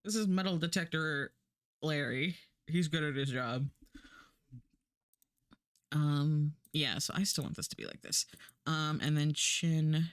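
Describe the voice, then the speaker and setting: A woman's voice: low-pitched, a little slow, long pauses, clear, resonant tone, dry recording, studio quality. Chatty woman streamer, rambling and laughing. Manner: rambling, chatty, laughs often, swears casually. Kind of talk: casual live-stream chat while working.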